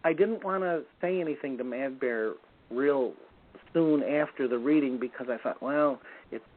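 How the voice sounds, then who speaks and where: A man telling a personal story in an unhurried, conversational way, often restarting his sentences. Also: medium pitch. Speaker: guest recalling a medicine man. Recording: tinny phone line.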